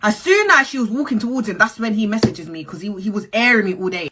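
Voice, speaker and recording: A woman's voice: mid-range voice, expressive, quick pace, few pauses, sharp tone, breathy edge. A woman, hosting a storytime vlog, talking animatedly and straight to her viewers with plenty of slang. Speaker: channel host.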